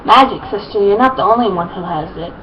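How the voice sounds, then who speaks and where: A woman's voice: medium pitch, quick pace, close to an everyday voice. A woman reading as a taunting, sneering sister. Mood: mocking. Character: mocking scheming sister, a young woman. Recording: muffled lo-fi with faint noise.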